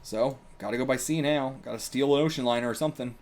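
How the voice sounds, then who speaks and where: A young man reading a manga aloud and reacting casually, excitable and laughing, with bursts of swearing. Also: mid-range voice, quick pace. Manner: excitable, swears, laughs, puts on brief character lines.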